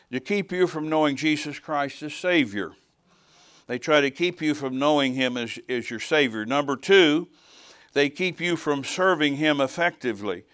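An older man preaching and telling stories from his ministry, his voice smooth and resonant. He acts out each exchange as he goes and climbs to a shout at the big moments. The sound is close and dry. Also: a little high, dry recording. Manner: animated storytelling, acts out dialogue, swells to shouting at climaxes. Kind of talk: sermon with personal testimony.

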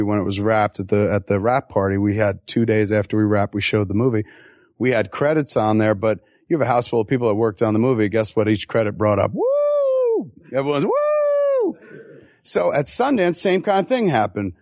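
A man's voice: on the low side, fairly quick, dry recording, studio quality. A middle-aged man, a film director, talking casually in an interview and telling stories with acted-out quotes and frequent swearing. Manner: animated, profane storyteller who acts out quotes.

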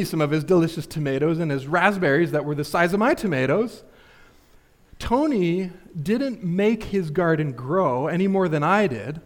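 Man, pastor, young adult, conversational sermon, fillers, rhetorical questions, slightly high voice. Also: lively intonation, moderate pace. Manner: casual, filler-heavy, asks rhetorical questions.

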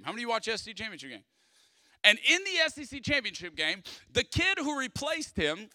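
Young man, conversational preacher; slightly high voice, dynamic delivery. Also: dry recording, studio quality. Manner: animated, conversational, swings between loud bursts and quiet asides. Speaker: pastor. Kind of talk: sermon.

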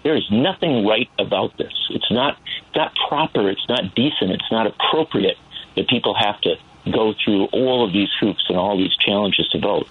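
A man giving earnest call-in commentary, building passion as he speaks, with a gravelly voice. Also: on the low side, moderate pace, a little hiss or hum. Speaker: political commentator. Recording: tinny phone line.

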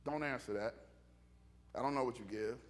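A man preaching a casual, humorous sermon, animated and conversational, joking with the congregation. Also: mid-range voice, normal speed.

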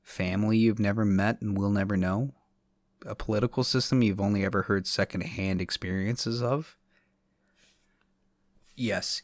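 A man hosting a podcast who reads a scripted monologue with dry, sardonic humor. His voice sits fairly low, and the recording is close and dry with no room sound. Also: no echo. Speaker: podcast host.

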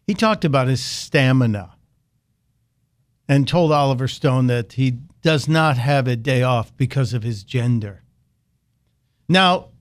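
A man hosting a talk radio show, delivering sarcastic, mocking commentary into a studio microphone. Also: fairly high pitch.

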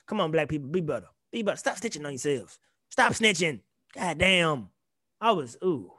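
A young man co-hosting a podcast, ranting in animated, profane casual chat. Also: fairly high pitch, a little fast, no echo, clean studio sound. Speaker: podcast co-host.

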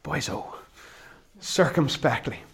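A man with a Northern Irish accent preaching a sermon, conversational and earnest with flashes of wry humor. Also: takes it slowly. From Northern Ireland. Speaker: pastor.

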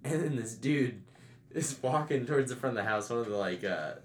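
A man telling a funny story in casual chat, breaking into loud shouted impressions. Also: medium pitch, a little fast. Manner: animated, loud shouted impressions of his dad's friends. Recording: echoey room.

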